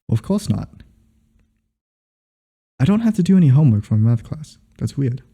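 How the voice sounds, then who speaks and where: Very dark-voiced man in put-on British accent. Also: mid-range voice, very animated, moderate pace, husky. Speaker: podcast co-host. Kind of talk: casual joking chat.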